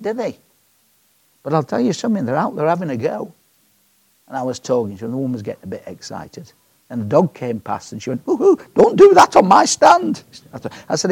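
Husky preacher, lively and chatty. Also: male voice, medium pitch, dry recording. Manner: chatty, joking, asks the congregation questions. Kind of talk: sermon.

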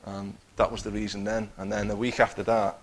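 A man's voice: on the low side, flat delivery, a little fast. A man giving an earnest personal testimony, telling his story with many restarts. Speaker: testifying believer.

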